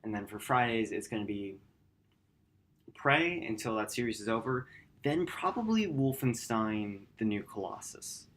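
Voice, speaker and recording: A man hosting a gaming channel talks through his upload plans in a late-night vlog that rambles and corrects itself. His voice is expressive and unhurried, though his manner stays quiet and low-key.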